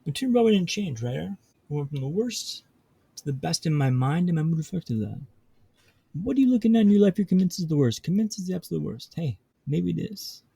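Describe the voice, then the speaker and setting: A man with a gravelly, deep, dark voice and a husky edge tells a story as a podcast guest. He builds his story through rhythmic repetition and dry humor, in a close, dry recording. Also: very animated, fairly quick, dry recording.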